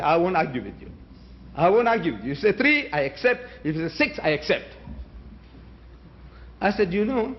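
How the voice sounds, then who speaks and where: Man, Gujarati speaker, fairly high voice, rhetorical debate speaker on a dull lo-fi recording. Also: a little hiss or hum. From South Africa. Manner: emphatic, rhetorical, challenges the audience with questions. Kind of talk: public debate address.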